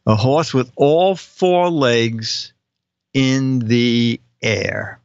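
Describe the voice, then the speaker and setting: A man's voice: mid-range voice, expressive, very slow, smooth, no echo, lo-fi sound. An older man hosting a casual live show, reading viewers' joke captions aloud and chuckling between them. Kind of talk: casual comedic live-stream chat.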